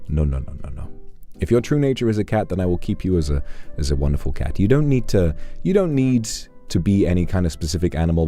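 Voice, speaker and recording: Deep, mellow man chatting with his stream. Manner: playful, teasing, affectionate with chat. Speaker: streamer reading superchats. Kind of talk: casual livestream chat.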